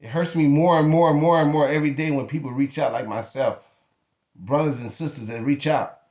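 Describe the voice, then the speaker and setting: A man's voice: a little high, steady tone, brisk, darkish tone. Blunt, cursing man venting. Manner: blunt, emphatic, cursing freely. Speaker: vlogger. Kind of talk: emotional venting monologue. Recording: echoey room.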